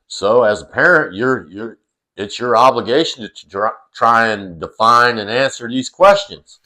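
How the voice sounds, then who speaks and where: A man's voice: medium pitch, measured pace, pushed and bright. A middle-aged man telling a funny family story in a loose, rambling way, with plenty of fillers and the odd curse. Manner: rambling, full of fillers and restarts, salty. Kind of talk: casual storytelling.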